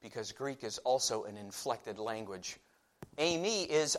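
A man preaching a sermon, emphatic, pressing hard on key words and then dropping to a hush. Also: mid-range voice, animated, measured pace. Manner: emphatic, swings between loud stresses and hushed passages.

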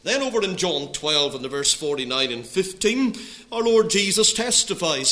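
A man preaching a sermon, reading scripture aloud in an expressive, rising and falling delivery. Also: a little high, moderate pace. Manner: reads scripture aloud in old biblical wording.

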